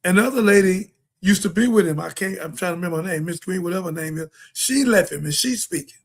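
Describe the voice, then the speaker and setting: High-voiced man giving a preachy rant. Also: quick pace, gravelly, breathy edge. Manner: preachy, rambling, emphatic. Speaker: talk show host. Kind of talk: impassioned political monologue.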